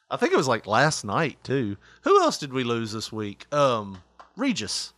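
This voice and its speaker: Male host, bright, animated, quick to laugh, dry close sound. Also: mid-range voice, dry recording. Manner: laughs often, joking. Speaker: podcast host. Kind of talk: casual chat.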